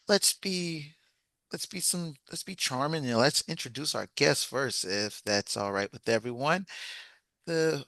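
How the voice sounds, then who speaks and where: A man presiding over an online club meeting, friendly and halting, often restarting his sentences. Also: mid-range voice, creaky, fairly bright tone, no echo. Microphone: video call.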